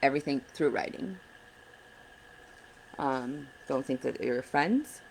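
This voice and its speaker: A woman's voice: extremely low pitch, measured pace, vocal fry, a little mellow, a little hiss or hum, poor audio. A woman in her thirties giving earnest, blunt advice to other parents in a casual vlog, sounding frustrated. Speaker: parent advocate vlogger. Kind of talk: casual direct-to-camera advice.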